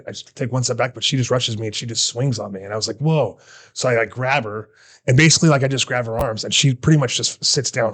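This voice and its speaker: A man with a mid-pitched, everyday voice recounts a story in a loose podcast chat. He acts out his own startled reactions with sheepish humor. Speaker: podcast co-host, former police officer.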